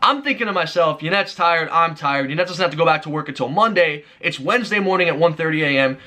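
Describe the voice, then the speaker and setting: Young man, high voice, bright tone, exasperated storytime rant. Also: lively intonation. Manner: exasperated, fast ranting, acts out quoted exchanges. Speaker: vlogger. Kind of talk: ranting storytime vlog.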